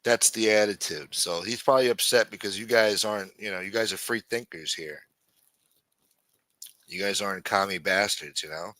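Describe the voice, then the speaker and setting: Forceful, profane male streamer. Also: on the low side, moderate pace, no echo. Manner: profane, rambling, full of "you know". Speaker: livestream show host. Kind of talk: casual livestream chat.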